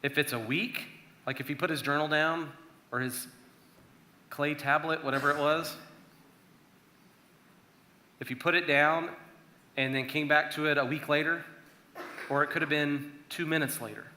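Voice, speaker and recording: A man giving a casual, conversational youth sermon, talking to a church youth group and acting out prayers in a hushed voice. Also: a little high, fairly even intonation, moderate pace, long pauses, a little hiss or hum. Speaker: youth minister. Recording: echoey room.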